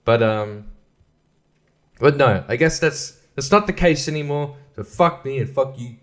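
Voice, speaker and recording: A man talking alone into a podcast mic at an everyday middle pitch, ranting with plenty of swearing. He rambles, laughs at his own lines, and trips over his words as he restarts sentences. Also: animated, a little slow, fairly bright tone. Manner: profane, rambling, laughs often, stammers and restarts. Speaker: podcast host. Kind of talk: solo rant podcast.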